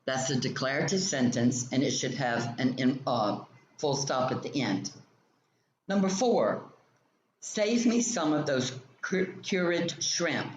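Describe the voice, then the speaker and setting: Slow, methodical male grammar teacher. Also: mid-range voice, expressive. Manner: slow, methodical explanation with example sentences. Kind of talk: reading a grammar textbook lesson aloud. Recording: roomy, dull lo-fi sound with faint ambient noise.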